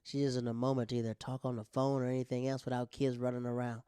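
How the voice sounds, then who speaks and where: A man's voice: mid-range voice, level tone, fast, dark tone, clear, resonant tone, no room sound, studio quality. A man, a stand-up comedian, telling family stories in a casual monologue, often laughing as he talks. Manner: laughs often while telling, acts out family members' voices. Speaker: stand-up comedian, podcast host.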